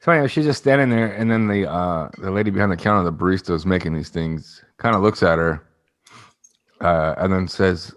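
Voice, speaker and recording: Man, podcast co-host, chatty rambling anecdote, fairly low voice. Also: fairly quick. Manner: rambling storyteller acting out the people he quotes. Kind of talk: casual chat, telling a story.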